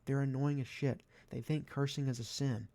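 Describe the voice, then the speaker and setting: A man's voice: medium pitch, fairly even intonation, normal speed, mellow, no echo. Profane, ranting young man. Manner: profane, exasperated, sarcastic. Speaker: vlogger. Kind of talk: ranting commentary.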